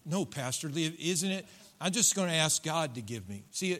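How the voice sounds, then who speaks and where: A middle-aged man delivers a sermon from a church pulpit with a folksy, teasing manner. His voice sits a little high and rings bright and forceful, and he slips into playful voices of his listeners. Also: sing-song, moderate pace. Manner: folksy, joking preacher acting out congregants. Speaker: pastor. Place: church sanctuary.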